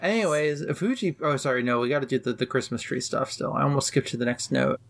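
A young adult podcast co-host with a gravelly, creaky voice at an ordinary pitch. They talk in a relaxed, wry way, full of "like" fillers, as they recap episodes with a friend. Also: fast talker. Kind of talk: casual anime recap chat.

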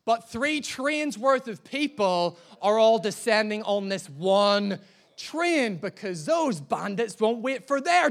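A man, a pastor, preaching a sermon and telling a personal story in a lively, humorous way. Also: high voice.

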